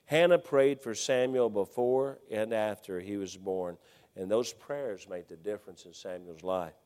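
A middle-aged man preaching a folksy sermon, swinging between loud exhortation and hushed storytelling. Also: fairly low pitch, unhurried. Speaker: pastor. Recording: long hall reverb.

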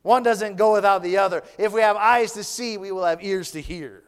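A man preaching a sermon as pastor, drawing out phrases that trail off softly. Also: sits high, smooth, big-room sound. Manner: preaching cadence, drawn-out phrases trailing off soft. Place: church.

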